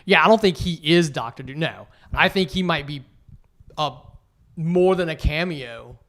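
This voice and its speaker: A man's voice: fairly high pitch, lively intonation, unhurried, fairly bright tone. A man co-hosting a podcast, chatting casually with frequent restarts and swearing. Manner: rambling, self-correcting, profane. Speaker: podcast co-host. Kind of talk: casual chat.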